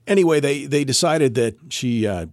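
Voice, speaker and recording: Speaking at a moderate pace in a mid-range voice, a podcast co-host shares a story during casual chat, with no echo on the audio. He gets animated, acting out the voices he quotes.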